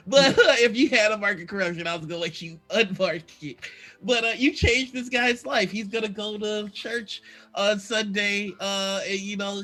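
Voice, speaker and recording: High-voiced man running a tabletop game. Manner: laughing, animated. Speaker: game master.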